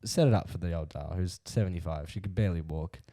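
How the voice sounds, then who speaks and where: A man's voice: sits low, quick pace, dark tone. A young Australian man telling a long anecdote on a casual podcast, slangy and laughing as he goes. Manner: laughs through his own story, slangy. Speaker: podcast co-host. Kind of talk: casual storytelling chat.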